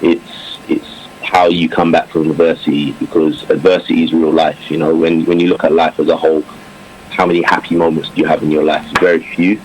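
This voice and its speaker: A former English cricketer chatting in an interview, reflective, with many fillers and restarts. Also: male voice, rumbling low, little pitch movement, a little fast, low-quality recording. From England. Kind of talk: casual interview talk. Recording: faint background noise.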